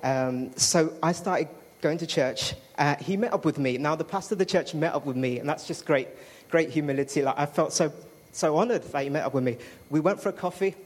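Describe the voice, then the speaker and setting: A man's voice: a little high, a little fast. A man giving a chatty personal testimony to a congregation, with fillers and restarts. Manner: chatty storytelling with fillers and self-interrupting apologies.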